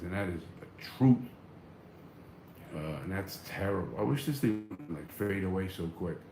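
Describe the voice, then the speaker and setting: Blunt gravelly man on a live stream. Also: lowish voice, sharp tone, echoey room, a little hiss or hum. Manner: blunt, profane, fired up. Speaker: livestream host reading viewer comments. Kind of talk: casual live chat.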